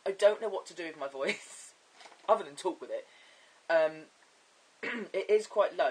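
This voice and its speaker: A man chatting in a casual video diary, his voice deepening and cracking, rambling and giggling as he talks. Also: expressive, a little slow, pauses often, husky, recorded from a distance, rough recording. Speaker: vlogger.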